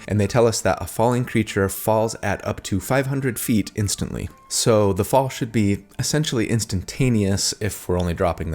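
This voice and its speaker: Male channel host with a deep, low voice; earnest, chatty rules explainer who keeps checking in with listeners. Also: a little mellow. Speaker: host of a tabletop game build channel. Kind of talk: explanatory video talk.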